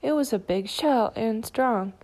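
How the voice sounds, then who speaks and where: A woman reading a children's picture book aloud in a calm, clear storytelling manner. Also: on the high side, measured pace. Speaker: storybook reader.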